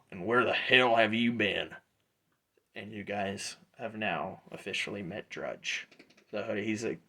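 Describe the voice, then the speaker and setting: A man's voice: fairly low pitch, a bit bright. A man narrating a tabletop game as game master, casual and rambling.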